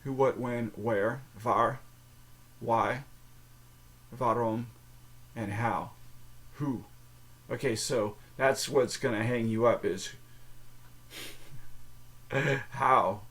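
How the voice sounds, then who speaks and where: An American man hosting a casual language lesson, repeating phrases slowly, self-mocking and laughing often. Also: medium pitch, husky. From United States. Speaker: podcast host.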